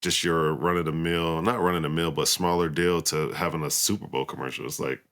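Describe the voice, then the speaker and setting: A man co-hosting a sports podcast, talking in a relaxed, rambling way. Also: a bass voice, a little fast. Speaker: co-host. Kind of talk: casual sports podcast chat.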